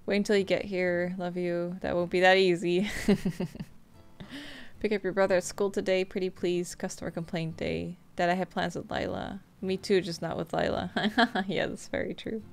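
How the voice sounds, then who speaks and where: A woman playing a video game, reading the on-screen text messages aloud in a flat, quick way between casual comments. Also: on the low side, creaky. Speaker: gameplay streamer. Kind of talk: casual let's-play commentary.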